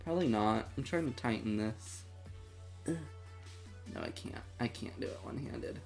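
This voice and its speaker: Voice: medium pitch, unhurried, vocal fry, a little mellow, soft background music. A streamer in their twenties hosting a movie watch-along, chatting casually and dramatically with mock outrage. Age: 20s. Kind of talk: casual livestream chat.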